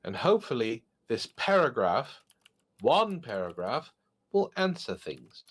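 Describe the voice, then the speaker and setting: A man hosting a casual podcast, reading funny online stories aloud and joking about them with animated asides. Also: mid-range voice, measured pace, breathy edge. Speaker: podcast host.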